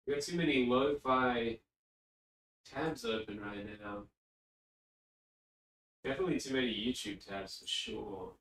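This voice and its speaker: A man's voice: medium pitch, expressive, measured pace, vocal fry, long pauses, a bit bright. A man streaming live and chatting casually, rambling and easily distracted, sitting far from his mic. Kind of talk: casual livestream chat. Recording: echoey room, distant mic.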